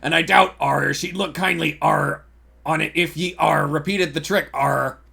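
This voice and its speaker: Brief: a man doing a loud, gravelly pirate sailor tacking "arr" onto every phrase, bright and pushy. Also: on the high side, fairly even intonation, measured pace, voice pushed up, exaggerated voice. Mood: hammy. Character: boisterous male pirate sailor. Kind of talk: reading game dialogue aloud.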